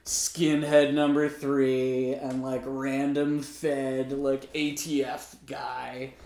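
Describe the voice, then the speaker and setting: A man's voice: mid-range voice, flat delivery, extremely slow, a little mellow. Podcast co-host, man, mid-range voice, wry profane storyteller, echoey room. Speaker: podcast co-host recapping a film. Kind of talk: casual chat.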